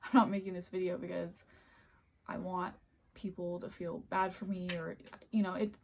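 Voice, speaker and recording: A woman's voice: on the low side, little pitch movement, normal speed, gravelly, a little hiss or hum. A young woman vlogging at home into a phone camera, earnest and emotional, close to tears, often dropping to a near-whisper as she rambles. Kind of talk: emotional personal vlog.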